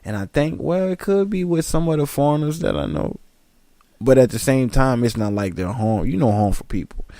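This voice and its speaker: A young man spins slangy, animated stories in casual chat, his pitch swinging widely. The recording is dry and close, with no room sound. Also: moderate pace, dry recording. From Southern United States. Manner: animated, slangy storyteller who laughs often.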